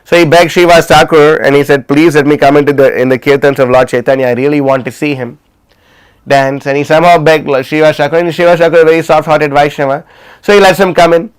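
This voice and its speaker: A man's voice: a little high, fairly even intonation, fast talker, clear, resonant tone. A man telling stories in a class, speaking casually with many fillers and restarts. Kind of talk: storytelling class talk. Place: livestreamed class.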